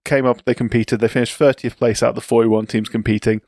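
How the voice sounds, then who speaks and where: A man co-hosting a podcast, telling sports history in a relaxed, chatty way with asides. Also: medium pitch, quick pace, no echo, studio quality. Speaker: podcast co-host. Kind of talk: casual chat.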